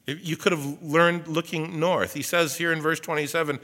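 A man preaching a sermon in church, animated, with conversational asides and acted-out quotes. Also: on the high side, moderate pace, few pauses. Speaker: pastor.

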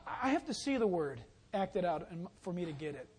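High-voiced man preaching a sermon. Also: normal speed, breathy edge. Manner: storytelling, shouting and calling out when excited. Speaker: pastor.

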